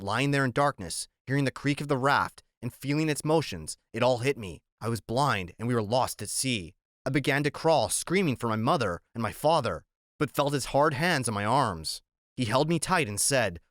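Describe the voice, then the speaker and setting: A man narrating an audiobook in a measured, even storytelling voice, recorded close on a studio mic. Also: medium pitch, dry recording.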